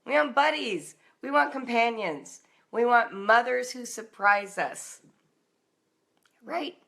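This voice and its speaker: A middle-aged woman hosting a live stream for homeschooling parents, chatty and animated, who acts out little scenes in a playful voice. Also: on the high side, slow pace, creaky. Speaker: homeschool writing coach and show host. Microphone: phone or webcam on a social media live stream.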